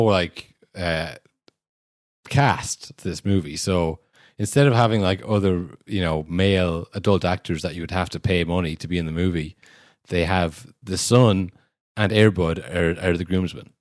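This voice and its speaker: A man's voice: sits low, normal speed, dry recording, clean studio sound. A man co-hosting a podcast, reviewing a film in casual chat, wry and rambling, swearing now and then. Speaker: podcast co-host.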